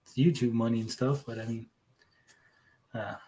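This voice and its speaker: A man's voice: mid-range voice, steady tone, normal speed, warm tone, a little hiss or hum. A young man co-hosting a casual podcast, telling jokes with lots of fillers and restarts. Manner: rambling joke-teller with many fillers. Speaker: podcast co-host and comedian.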